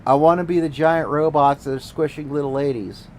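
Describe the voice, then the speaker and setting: A man's voice: a little high, fairly even intonation, a little fast, a little hiss or hum, rough recording. A man streaming a game, ranting casually and sarcastically with plenty of swearing. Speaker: gaming streamer. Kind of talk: casual ranting commentary while gaming.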